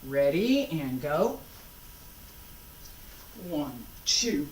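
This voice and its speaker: A woman teaching a martial arts class, counting students through moves and calmly correcting their form. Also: sits low. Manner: calm, deliberate, corrective coaching. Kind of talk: class instruction with counted cues. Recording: echoey room, distant mic, faint background noise.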